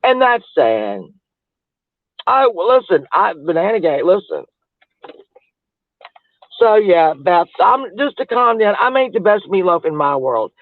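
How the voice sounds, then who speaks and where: High-voiced chatty man, tinny phone audio. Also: sing-song, a little slow, pauses often, no room sound. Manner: chatty, laughs often, trails off. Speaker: livestreamer. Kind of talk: rambling casual chat.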